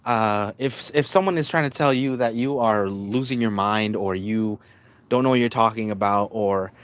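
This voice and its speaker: A man giving rambling casual commentary on a live stream. He restarts often and keeps calling out to "ladies and gentlemen.". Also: lowish voice, normal speed, smooth.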